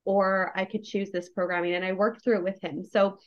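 A woman on a podcast, speaking a little fast in a mid-range voice with a level tone, relates a personal story. She's effusive, emotionally open and candid, using "like" constantly, and the lo-fi recording sounds dull.

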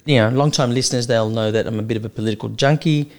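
A man's voice: mid-range voice, racing. A man with an Australian accent co-hosting a casual podcast, musing aloud and restarting his sentences as he thinks. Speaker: podcast co-host.

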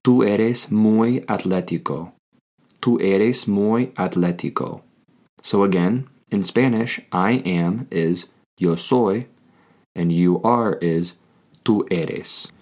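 A man hosting a scripted Spanish lesson, speaking deliberately and repeating each phrase for learners. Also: fairly low pitch, darkish tone. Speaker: Spanish teacher.

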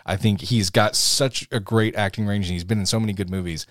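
A man's voice: fairly low pitch, fairly even intonation, brisk, a bit bright, no room sound. Enthusiastic man on a podcast, dry mic. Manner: enthusiastic, rambling with restarts. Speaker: podcast co-host. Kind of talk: casual chat.

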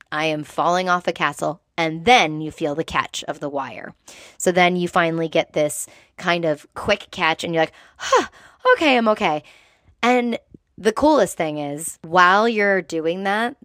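Chatty woman with a lowish, dry voice. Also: no room sound. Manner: chatty and animated, heavy use of "like". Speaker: host recounting past work as a theme-park performer. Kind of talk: casual storytelling to viewers.

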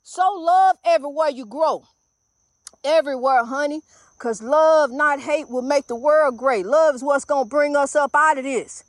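A woman's voice: high voice, moderate pace, no room sound, studio quality. An older woman minister preaching fervently, repeating herself and calling her listeners honey. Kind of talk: inspirational preaching monologue.

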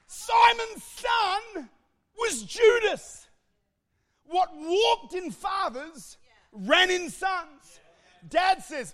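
A man preaching to his church in a very high, strained voice. He is impassioned and often breaks into shouts, then cracks jokes in between. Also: sing-song, takes it slowly. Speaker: pastor. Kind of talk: sermon.

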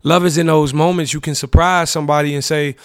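Gravelly young man reminiscing candidly. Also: on the high side, steady tone, fast, dry recording, studio quality. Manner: casual, candid storytelling with slang, profanity and frequent "you know what I'm saying". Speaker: podcast host. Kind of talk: reflective personal monologue.

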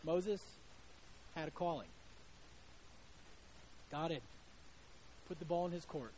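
A man's voice: a little high, takes it slowly, dark tone, a little hiss or hum, poor audio. A male preacher giving a sermon in a conversational storytelling way, with frequent restarts.

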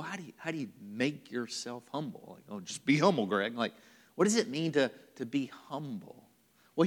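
A man's voice: medium pitch, big-room sound. A man preaching a conversational sermon as pastor of his church, now and then dropping to a whisper for emphasis.

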